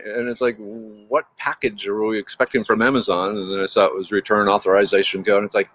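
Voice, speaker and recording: A man chatting casually as the host of a livestream. He talks at an ordinary middle pitch, rambles and often restarts his sentences. He greets his viewers by name as he goes. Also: fairly quick, fairly bright tone.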